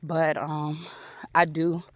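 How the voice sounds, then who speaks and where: A low-pitched woman speaks in a relaxed, reflective vlog style, recorded on her phone outdoors in the sun. She sounds a little out of breath after a walk and laughs easily between thoughts. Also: takes it slowly, dry recording. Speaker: vlogger. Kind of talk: casual spiritual vlog talk.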